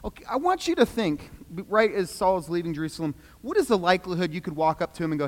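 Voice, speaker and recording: A man preaching a sermon, dramatic, swinging from loud pleading to hushed quiet. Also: high-pitched, sing-song, fast, hardly any pauses. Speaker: pastor. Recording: long reverb of a large hall.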